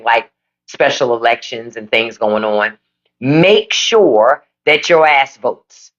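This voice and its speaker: A woman's voice: sits low, highs cut off. A woman hosting a live stream, delivering a blunt, profane political rant to her viewers. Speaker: livestream podcast host. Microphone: phone or desk mic for a live stream.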